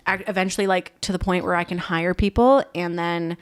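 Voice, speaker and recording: A woman's voice: fairly low pitch, steady tone, a little fast, clean tone. A woman in her thirties chatting on a podcast, teasing and rambling with many restarts. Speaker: podcast co-host. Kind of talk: casual chat.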